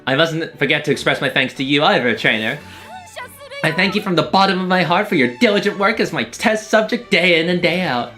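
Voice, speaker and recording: A man's voice: a little high, expressive, fairly quick, pushed and bright, faint music behind, voice pushed up. A man voicing an eccentric, smug young female scientist, reading game dialogue with theatrical, formal phrasing. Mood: smug gratitude.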